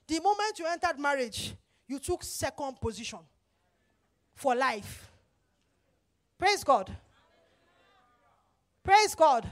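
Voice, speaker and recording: High-voiced woman pastor preaching. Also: big pitch swings, slow pace, pauses often. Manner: emphatic, acts out quoted voices, repeats phrases. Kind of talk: sermon.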